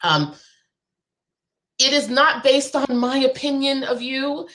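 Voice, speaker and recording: A woman's voice: sits high, takes it slowly, fairly bright tone. A woman guest on a live show, a business coach talking in an emphatic, persuasive way and repeating her key phrases.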